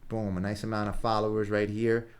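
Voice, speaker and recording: A man acting as a business coach, walking through examples on screen in a casual, punchy way, thinking aloud as he browses and dropping frequent "right?" and "boom". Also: monotone, brisk, clean tone. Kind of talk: screen-share walkthrough.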